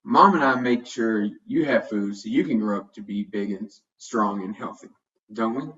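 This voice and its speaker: A man voicing a patient, kindly father in a children's storybook, explaining things calmly. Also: fairly low pitch, normal speed, lightly acted. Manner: calm, explaining. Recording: dull, distant home recording.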